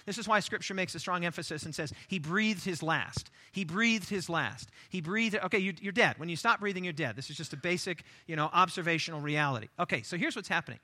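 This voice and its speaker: Bright-voiced emphatic man preaching. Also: high-pitched, fairly quick, hardly any pauses. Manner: emphatic, repeats key phrases for stress; stammers on restarts when speaking off the cuff. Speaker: pastor. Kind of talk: sermon.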